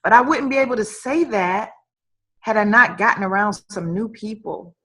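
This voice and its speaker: A woman's voice: mid-range voice, normal speed, fairly bright tone. A woman guest on a live-streamed talk, speaking in an emphatic, preacher-like way and repeating phrases for weight. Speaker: guest entrepreneur. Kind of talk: motivational conversation. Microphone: online live stream.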